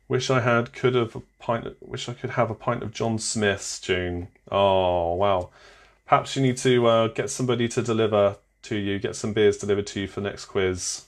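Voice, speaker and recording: A man's voice: on the low side, normal speed. A man hosting a live online quiz, chatting, reading out scores and viewers' comments and laughing often. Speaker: quiz host.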